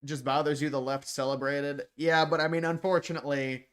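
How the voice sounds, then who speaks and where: A man's voice: fairly high pitch, level tone, brisk, a bit bright, smooth. A man hosting a livestream, reacting to chat in blunt, profane, sarcastic rants. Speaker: livestream host. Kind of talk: casual livestream commentary.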